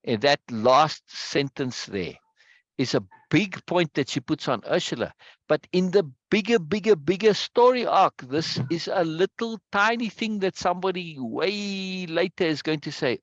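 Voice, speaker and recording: A man's voice: fairly high pitch, unhurried, no echo, highs cut off. A man leading a study group, reading from a book and explaining it, often checking in with "right?". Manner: animated, repeats words, asks "right?". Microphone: video call.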